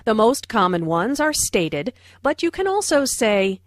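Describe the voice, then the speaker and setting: A woman narrating language notes for an English lesson, speaking slowly and clearly. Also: a little high, very animated, dry recording, clean studio sound. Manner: slow, clear teaching delivery. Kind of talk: scripted narration.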